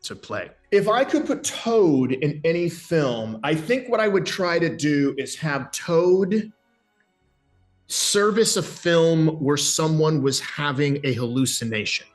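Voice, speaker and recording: A man being interviewed about his voice acting work, talking with lively, animated energy. His voice sits a little above the usual pitch for a man. He often restarts his sentences as his thoughts race ahead. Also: slow pace, faint music behind. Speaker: voice actor. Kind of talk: interview chat.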